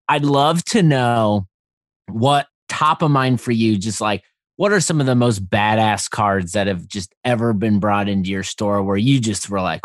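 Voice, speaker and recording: A man's voice: medium pitch, no echo, studio quality. A man hosting a podcast, enthusiastically affirming his guest and asking casual questions. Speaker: podcast host.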